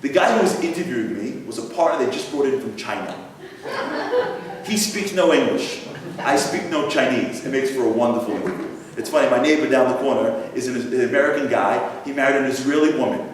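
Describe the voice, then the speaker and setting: A man's voice: medium pitch, a little fast. Man telling a funny story in an echoey hall. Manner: animated comic timing, chatty asides. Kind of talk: humorous personal story told live. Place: large synagogue hall. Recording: echoey hall from far off, faint ambience.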